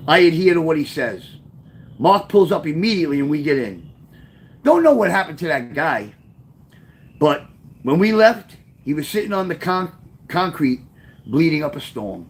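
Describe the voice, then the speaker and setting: A man reading his own memoir aloud, telling the story with lively, offhand asides. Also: on the high side, moderate pace. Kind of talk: first-person memoir storytelling.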